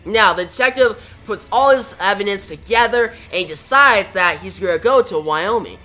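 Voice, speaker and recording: Bright-voiced casual comic reviewer. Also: mid-range voice, expressive, moderate pace, soft background music. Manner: casual storytelling. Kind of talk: comic review retelling the plot.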